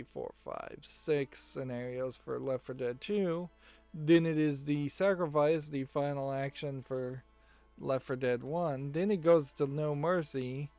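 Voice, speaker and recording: A man's voice: mid-range voice, dark tone. A man hosting a let's play, thinking aloud as he plays, with hesitant restarts. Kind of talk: casual gameplay commentary.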